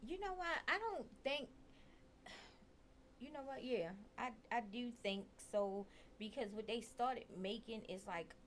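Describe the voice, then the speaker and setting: Relaxed woman guest. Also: fairly high pitch, unhurried, a little hiss or hum. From Baltimore. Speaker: guest musician. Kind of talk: casual interview chat.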